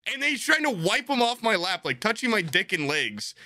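Fairly quick and high-sitting, a young man's voice carries his profane storytelling as he co-hosts a casual podcast, acting out everyone he mentions. It's studio quality with no room sound.

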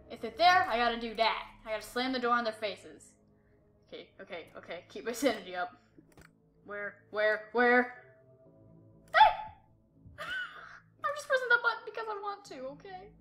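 A woman with a fairly high, bright voice gives jumpy horror game commentary. She talks to herself, repeating short exclamations over and over. Faint game music plays behind her. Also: wildly swooping pitch, a little fast, roomy sound. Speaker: gameplay streamer.

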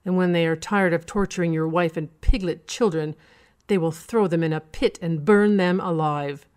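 A woman's voice: lowish voice, moderate pace, a little mellow, close to an everyday voice. Woman voicing a sadistic, mocking old painter. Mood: gloating.

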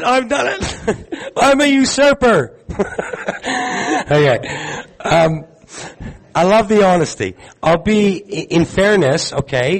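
A man giving a live sermon to a congregation, talking conversationally, putting questions to the room and filling pauses with ums. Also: medium pitch, poor audio. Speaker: teacher at a congregation gathering. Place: gathering hall with audience.

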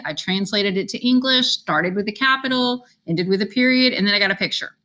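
Woman, Spanish teacher, bright tone, chatty, step-by-step directions, computer mic. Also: mid-range voice, moderate pace, few pauses. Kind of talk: screen-recorded lesson walkthrough.

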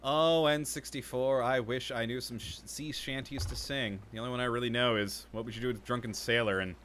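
A man's voice: medium pitch, fairly even intonation, fairly quick, a bit bright, a little hiss or hum. A man hosting a community game night, chatting casually and laughing often while playing online with friends over a headset mic. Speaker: host. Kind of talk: casual gaming chat.

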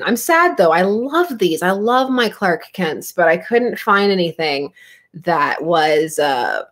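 A woman's voice: lowish voice, fairly bright tone. A Canadian woman in her thirties hosts a casual livestream about comics. She talks in chatty, bubbly asides and laughs often as she goes.

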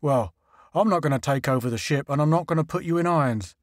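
A man voicing a spirited male ship's engineer in a higher, lively voice. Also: moderate pace, no echo, clean studio sound, lightly acted.

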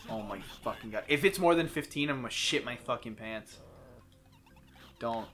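A man's voice: medium pitch, expressive, moderate pace, fairly bright tone. A man giving casual gameplay commentary, exasperated and swearing constantly at the game. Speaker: let's play host.

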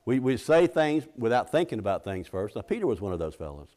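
Man preaching, middle-aged, folksy, conversational, medium pitch. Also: big pitch swings, fast talker, a little mellow. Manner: acts out scripture quotes. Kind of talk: sermon.

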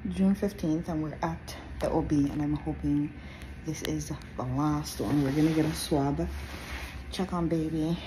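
Over noisy surroundings, a pregnant woman in her twenties from Jamaica speaks in a deep voice for her casual vlog. Breathless and tired, she stays candid, chatty and unfiltered.

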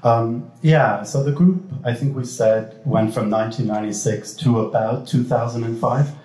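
A man's voice: medium pitch, steady tone, normal speed, warm tone, echoey room, low-quality recording. A man on a panel with a dry, understated way of talking, recalling his time as president of a group. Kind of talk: panel discussion. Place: cultural institute event hall.

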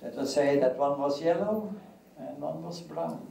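An older man speaks deliberately in a lecture hall, with a fairly high but mellow voice, repeating key phrases for weight. He is picked up from a distance, so the sound is roomy and carries a faint hiss. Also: expressive, vocal fry. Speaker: guest lecturer. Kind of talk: academic lecture answering questions.

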